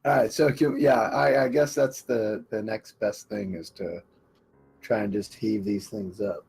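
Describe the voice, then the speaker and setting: Gravelly, hesitant male player. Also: fairly low pitch, steady tone, a little slow, darkish tone. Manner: hesitant, restarting his sentences. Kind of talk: casual game chat.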